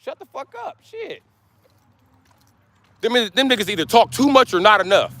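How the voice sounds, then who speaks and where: Brief: American man in his forties, high bright voice with gravel, loud profane livestream rant. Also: very animated, normal speed, no echo. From United States. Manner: loud, blunt, cursing, ranting nonstop. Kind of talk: profane rant to a live stream.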